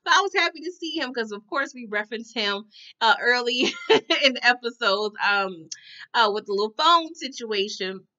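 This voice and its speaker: A woman giving a chatty, slangy recap of a TV episode, with quick asides. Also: on the high side, lively intonation, pushed and bright, lo-fi sound. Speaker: TV episode reviewer. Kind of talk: casual TV recap.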